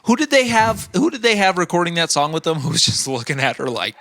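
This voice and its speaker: A man's voice: on the high side, sing-song, quick pace, a bit bright, no echo, studio quality. A man guesting on a podcast, giggling a lot and trailing off as he hunts for words in casual banter. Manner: giggly, laughs often, trails off searching for words.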